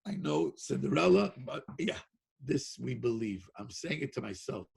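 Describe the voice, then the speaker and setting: A male Torah teacher telling a long story in an animated way, repeating words and laughing between lines. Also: medium pitch, normal speed. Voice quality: gravelly, husky. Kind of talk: storytelling lecture.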